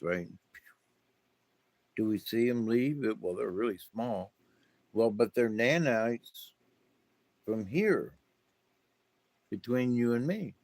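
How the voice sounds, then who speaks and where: Middle-aged man, slow meandering spiritual talk, dry close sound. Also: mid-range voice, no room sound. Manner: slow, meandering, many fillers and restarts. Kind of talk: rambling casual monologue.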